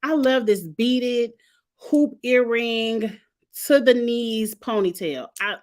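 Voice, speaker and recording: A woman's voice: fairly high pitch, slow, darkish tone. Sassy woman in her forties vlogging. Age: 40s. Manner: sassy, candid, playfully shady. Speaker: vlogger reviewing reality TV fashion. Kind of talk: casual commentary vlog.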